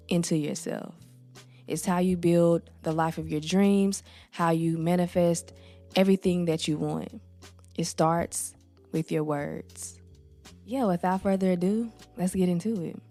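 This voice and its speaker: A woman with a low, mellow voice hosts her podcast, still carrying her morning voice. She talks calmly and unhurriedly, drawing out her phrases, with soft music playing faintly behind her. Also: a little slow. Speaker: podcast host. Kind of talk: soft-spoken affirmation talk.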